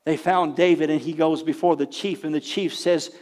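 Guy preaching, high voice, tells the story big and gets loud at the peaks, keeps saying "he says". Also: steady tone, normal speed. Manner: dramatic retelling, rising to loud emphatic peaks; frequent repetition of "he says". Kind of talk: sermon storytelling.

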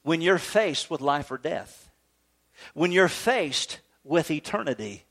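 A man preaching a sermon, swinging between emphatic high peaks and low, soft stretches. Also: slow pace, vocal fry. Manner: animated preaching, rising to emphatic highs then dropping low and soft. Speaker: pastor.

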